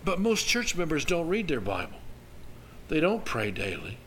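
An older pastor preaches a sermon in a folksy storytelling manner. His fairly high voice climbs on the emphatic points. A faint hiss of noise sits under the recording. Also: wildly swooping pitch, normal speed, a bit bright, poor audio.

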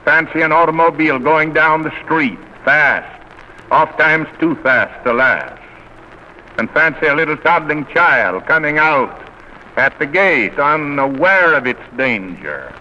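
Male preacher, earnest measured oratory, old muffled radio recording. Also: on the high side, sharp tone, a little hiss or hum. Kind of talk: sermon.

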